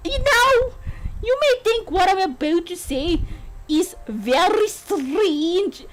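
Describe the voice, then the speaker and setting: A woman putting on a shrill, dramatic young bride. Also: animated, takes it slowly, heavily acted, poor audio. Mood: theatrical. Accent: mock Scottish, put on. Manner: breathless, theatrical, high and drawn out. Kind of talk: reading game dialogue aloud.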